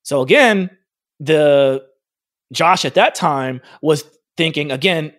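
A man with a slightly high voice tells a story from his work as a fitness trainer. He talks casually and animatedly, dropping plenty of "like" and acting out what people said. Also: slow pace, no echo, studio quality. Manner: animated, acts out quoted dialogue, frequent "like". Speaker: fitness studio owner and trainer.

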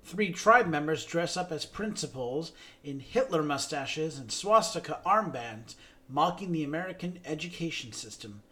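A man co-hosting a podcast, giving a steady scripted reading of credits and a show synopsis. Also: fairly high pitch, normal speed. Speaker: podcast co-host.

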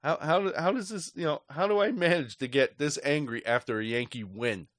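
A man's voice: mid-range voice, moderate pace, fairly bright tone, dry recording, clean studio sound. A man hosting a sports fan show, ranting angrily with heavy swearing in a rambling, off-the-cuff way. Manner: angry, profane, rambling. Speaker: sports podcast host.

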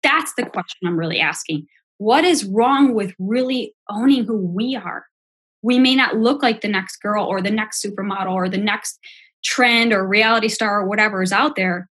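A woman's voice: mid-range voice, normal speed, fairly bright tone, husky. A middle-aged woman co-hosting a podcast, talking in a reflective, casual way and asking rhetorical questions. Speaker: podcast co-host. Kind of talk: casual chat.

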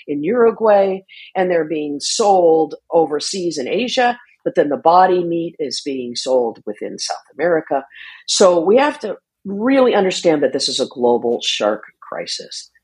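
Woman guest on an interview, lowish voice, earnest and explanatory, stumbles and restarts often. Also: big pitch swings, normal speed, darkish tone, breathy edge. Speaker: interview guest, shark conservation advocate. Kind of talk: conversational interview answer.

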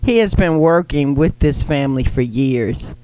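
Chatty co-host woman, animated. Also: sits low, moderate pace. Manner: chiming in, laughing, teasing. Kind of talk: casual chat.

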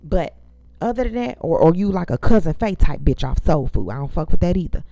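A woman's voice: lowish voice, big pitch swings, brisk, warm tone, dry recording, lo-fi sound. A woman, venting to viewers as host of her own casual talk show, emphatic and profane. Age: 30s. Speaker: podcast host. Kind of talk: casual storytelling rant.

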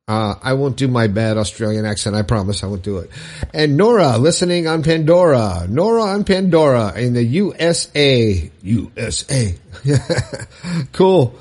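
A man hosting his own positivity podcast, chatting cheerfully and laughing at his own jokes. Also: a little high. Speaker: podcast host. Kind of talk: upbeat solo podcast talk.

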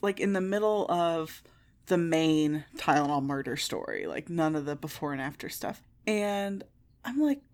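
A woman's voice: fairly low pitch, darkish tone. Swearing Midwestern woman, podcast co-host. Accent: Midwestern American. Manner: candid, profane, self-mocking, laughs often. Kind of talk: casual chat.

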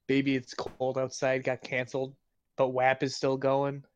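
A man's voice: medium pitch, monotone, moderate pace, clean tone, no room sound. Young guy rambling on a podcast, dry kinda muffled mic. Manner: rambling, searching for words, laughs often. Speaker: podcast co-host. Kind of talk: casual podcast chat.

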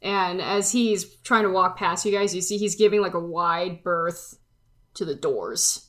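A woman's voice: fairly low pitch, a little slow, fairly bright tone. A woman playing a tabletop game, narrating her character with dry quips. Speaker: player. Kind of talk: tabletop role-play.

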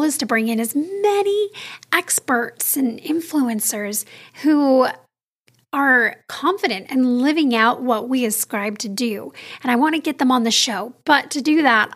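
A woman in her thirties hosting a solo podcast, talking to listeners in a candid, chatty, personal way. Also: a little high. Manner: warm, candid and chatty, talks straight to listeners. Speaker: podcast host.

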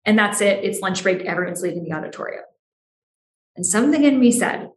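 A woman's voice: medium pitch, animated, fairly quick, reverberant. A young woman telling a personal story in a chatty way, full of "like", acting out the dialogue. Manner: chatty, lots of "like", acts out dialogue.

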